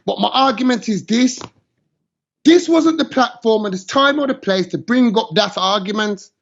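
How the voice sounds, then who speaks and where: Ranting high-voiced man, patois. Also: moderate pace, fairly bright tone. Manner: passionate, ranting, slips into patois. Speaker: show host. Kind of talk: heated opinion chat. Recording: dull lo-fi sound.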